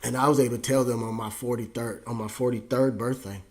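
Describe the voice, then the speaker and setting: A man in his forties, a pastor hosting his own show, telling a personal story with feeling and frequent repetitions, his voice jumping high when moved. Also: steady tone, fast. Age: 40s. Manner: emotional, repeats himself, voice rises high when moved.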